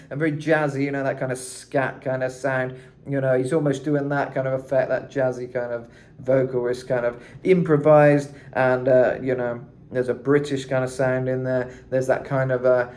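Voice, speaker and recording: A man's voice: mid-range voice, flat delivery, moderate pace, darkish tone. Rambling male vocal coach. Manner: rambling, lots of "you know" and "kind of". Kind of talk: casual singing tutorial.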